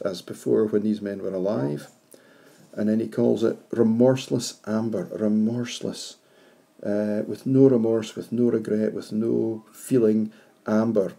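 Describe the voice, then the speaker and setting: Gravelly, dark-voiced male teacher. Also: lowish voice. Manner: reflective, poses questions to students. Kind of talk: classroom poetry analysis.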